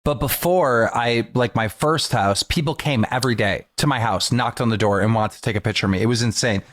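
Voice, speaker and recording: A man co-hosting a casual podcast, telling stories in a profane, animated way and acting out quotes in a raised voice. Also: mid-range voice, a little fast. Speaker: podcast co-host.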